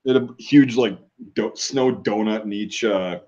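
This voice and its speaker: A man's voice: fairly low pitch, normal speed, dull audio, crowd noise. A man hosting a casual chat, swearing freely and joking around. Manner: profane, joking, puts on mock voices. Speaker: host.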